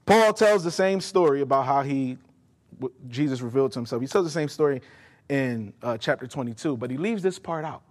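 A male pastor delivering a sermon with emphatic, direct appeals to the congregation. His voice sits a little high for a man. The sound rings with a long hall reverb, as in a church sanctuary.

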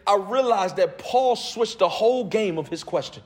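A man preaching a sermon, emphatic, laughing between phrases and swinging from low murmurs to high shouted emphasis. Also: expressive, moderate pace, hardly any pauses.

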